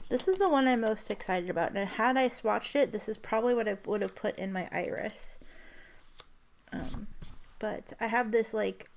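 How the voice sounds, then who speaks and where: Young woman rambling softly about her inks, kinda whispery, lots of fry. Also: fairly high pitch, a little hiss or hum. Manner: chatty and soft-spoken, often dropping to a half-whisper. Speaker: stationery vlogger. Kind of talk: casual show-and-tell while swatching ink.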